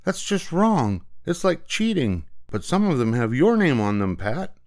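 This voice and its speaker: A man's voice: fairly high pitch, big pitch swings, unhurried, voice pushed up. An older man voicing an eager, breathless young boy with a big plan. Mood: pleading. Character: excitable scheming young boy.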